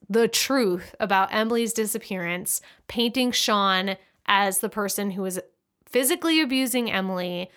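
A young woman co-hosting a casual book podcast, retelling a plot with sarcastic, animated asides. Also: fairly high pitch. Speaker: podcast co-host.

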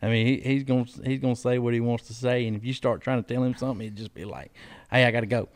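A man's voice: medium pitch, fast talker. Laid-back man hosting a chat. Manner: laughs easily, relaxed banter. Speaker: podcast host. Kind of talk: casual chat.

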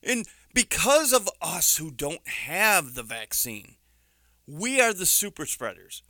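A man's voice: high-pitched, sing-song, slow, bright, forceful tone, dry recording, studio quality. A man with a New York accent giving an indignant, sarcastic opinion commentary, stressing his words hard.

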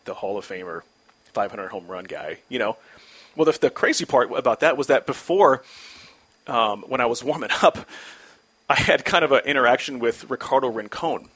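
An animated man in his forties tells a story as an interview guest. His pitch is average for a man. He restarts his sentences often and acts out the other people in his story. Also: normal speed, slightly rough. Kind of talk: casual storytelling.

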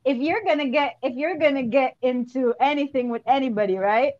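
A woman's voice: high-pitched, fairly quick, darkish tone, no echo, highs cut off. A woman guest in a casual panel discussion, stammering on restarts as she reasons her points through. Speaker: podcast guest.

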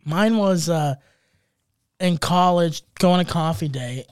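A young man co-hosting a podcast, joking around in casual chat with quick interjections. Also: on the high side, smooth, dry recording, studio quality. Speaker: podcast co-host.

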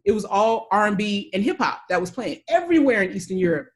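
Speaking fast in a mid-range voice, a woman from the US shares a travel story during casual chat. She's animated throughout, imitating the people in her tale.

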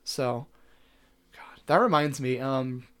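A man's voice: medium pitch, takes it slowly, very noisy. Rambling casual podcast guy. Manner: rambling, heavy on fillers, animated asides. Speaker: podcast co-host. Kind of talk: casual chat recapping a TV episode.

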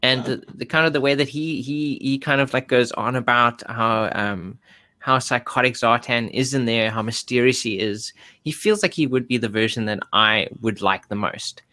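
A man's voice: medium pitch, normal speed, pushed and bright. A man chatting casually as a podcast co-host, hesitant with many ums and restarts. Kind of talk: casual chat.

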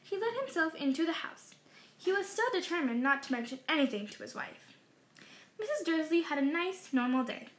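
A woman reading a story aloud in a measured way, slowing down for dramatic phrases. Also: high-pitched, very animated. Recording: roomy echo.

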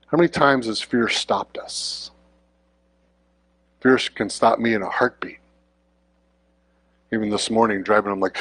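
A man's voice: on the low side, measured pace, pauses often, a bit bright, no room sound. A man giving a conversational sermon as a guest preacher, informal and often checking in with the congregation.

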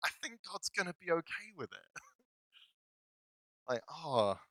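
A man's voice: high-pitched, sing-song, unhurried, bright, forceful tone, dry recording, low-quality recording. A male pastor giving a casual, self-deprecating sermon, laughing often as he talks. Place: church.

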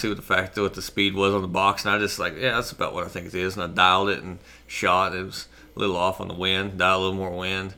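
A man co-hosting a podcast, telling animated anecdotes in casual chat and mimicking the people he quotes. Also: deep voice. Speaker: podcast co-host.

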